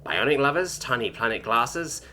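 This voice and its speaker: A man's voice: mid-range voice, expressive, moderate pace, pushed and bright, soft background music. A man voicing an anxious young male alien student with antennae, fretful and weary.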